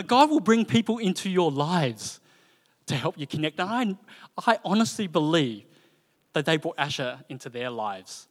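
A man giving a sermon in a church hall, talking in a conversational, animated way with frequent fillers and restarts. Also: sits high. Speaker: preacher. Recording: reverberant hall.

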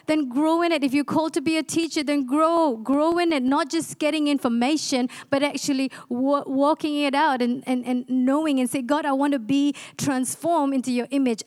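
Her voice sits high with a darkish tone as this woman in her forties delivers a sermon at church. She exhorts the congregation passionately and asks them rhetorical questions.

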